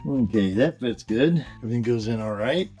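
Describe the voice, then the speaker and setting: A man giving a casual, halting how-to walkthrough of wiring his trailer, slightly out of breath. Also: medium pitch, lively intonation, mellow, soft background music. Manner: plain, halting, lots of "uh". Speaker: RV owner doing a DIY install. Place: travel trailer and its storage bay, hot weather.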